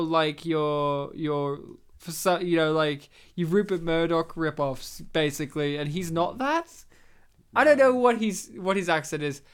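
Animated Australian man hosting a podcast. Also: high-pitched, smooth. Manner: animated, swearing, laughing. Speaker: podcast host. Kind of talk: casual podcast chat.

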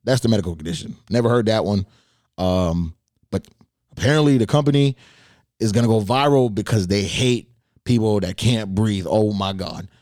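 A relaxed, low-voiced man hosting a podcast, spinning a story in a loose, wry way with plenty of casual swearing. His voice sits close and dry, with no room sound around it. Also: normal speed, no room sound. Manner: laid-back, profane and wry. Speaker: podcast host.

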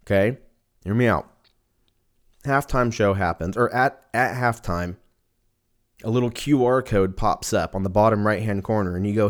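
A young man with a lowish voice rambles through a casual solo chat. He swears freely and wanders from point to point in a loose, conversational way. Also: moderate pace, long pauses.

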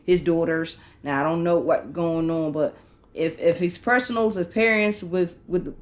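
A podcast co-host talking calmly and a little hesitantly, with frequent restarts, in a casual debate. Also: mid-range voice, unhurried. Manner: calm, hesitant, with many restarts.

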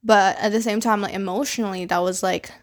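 A woman's voice: medium pitch, fairly even intonation, a little fast. A young woman from the Philippines, hosting a podcast, talking casually and rambling with lots of filler words and casual swearing. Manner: rambling, heavy use of fillers like "like" and "you know". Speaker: podcast host. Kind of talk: casual personal monologue.

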